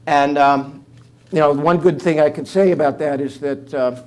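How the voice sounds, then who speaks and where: In this interview, an author and guest speaker in his seventies, with a New York accent, shares funny anecdotes in a conversational style full of fillers. His voice is fairly high and a little mellow, with fairly even intonation at a normal speed.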